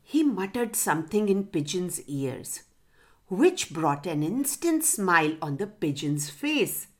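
Slow, expressive woman telling a children's story. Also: lowish voice.

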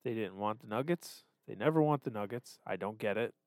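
A male podcast co-host talks candidly and self-deprecatingly about his struggles in a casual confessional chat, swearing freely. His lowish, slightly mellow voice is animated and brisk, with no echo.

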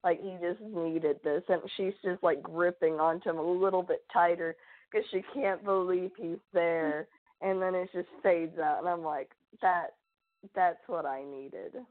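A woman's voice: lowish voice, normal speed, no room sound. A woman co-hosting a podcast, rambling and joking as she retells film scenes. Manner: animated, rambling, jokey. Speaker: podcast co-host. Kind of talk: casual chat. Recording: tinny phone-like line.

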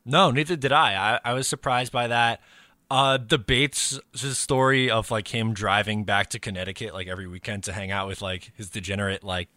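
A man's voice: lowish voice, fairly even intonation, moderate pace, pushed and bright, dry recording, studio quality. A man co-hosting a sports podcast, easygoing and agreeable, full of fillers. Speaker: podcast co-host. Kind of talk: casual sports chat.

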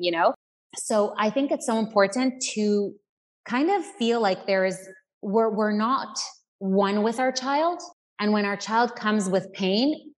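A woman parenting coach explaining her ideas earnestly, using everyday examples in conversation. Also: mid-range voice. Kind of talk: explanatory interview talk.

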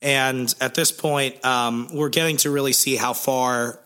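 Male podcast co-host, bright tone, slightly hoarse, casual and wry. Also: medium pitch, fairly even intonation, unhurried. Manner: laid-back, sarcastic, swears casually. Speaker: podcast co-host recapping comics. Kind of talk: casual chat.

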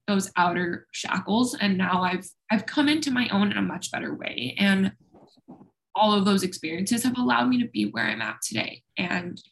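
In a candid, personal interview, the same talkative young woman speaks openly and pokes fun at herself. Her mid-range voice swings widely in pitch at a moderate pace.

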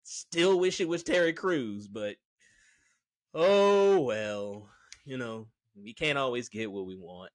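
A man's voice: medium pitch, lively intonation, slow, no echo. A man giving a casual, rambling movie review, frank and full of fillers. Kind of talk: casual opinion monologue.

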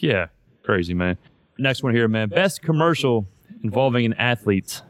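A man's voice: medium pitch, animated, normal speed, no echo. A man hosting a podcast in casual chat, loose and profane, saying "man" all the time. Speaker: podcast host.

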